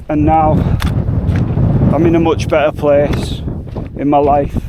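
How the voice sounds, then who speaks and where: A hiking vlogger in his 40s walks outdoors in the mountains by a lake, speaking reflectively and from the heart in an emotional vlog. His voice is on the high side, and the recording is very noisy.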